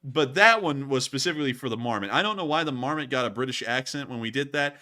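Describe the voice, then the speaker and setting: A male livestream host whose voice sits a little high and swings about as he jokes and rambles between viewer questions. His tone is bright and forceful, with frequent laughter. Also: very animated, a little fast, hardly any pauses. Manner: laughs often, jokey and rambling. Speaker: news stream host. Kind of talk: casual livestream chat.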